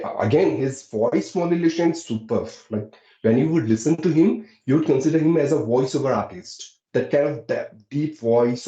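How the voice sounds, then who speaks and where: A young Indian man with an Indian English accent, hosting a casual discussion, talking earnestly with lots of fillers. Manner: earnest, lively pitch swings, many fillers. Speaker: host. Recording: echoey, dull lo-fi room sound.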